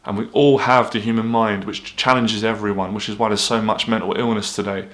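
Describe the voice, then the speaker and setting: A man's voice: on the low side, steady tone, a little fast, a bit bright. A man, an anxiety coach talking straight to camera in a blunt, candid way, swearing freely. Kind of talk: motivational vlog monologue.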